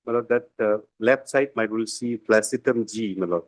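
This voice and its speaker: A man's voice: fairly low pitch, moderate pace, no room sound, rough recording. A man arguing as a defence lawyer over a video call, deferential and hesitant, addressing the judge as "my lord" again and again. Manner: deferential, repeats "my lord" often, hesitant with fillers. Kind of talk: courtroom argument.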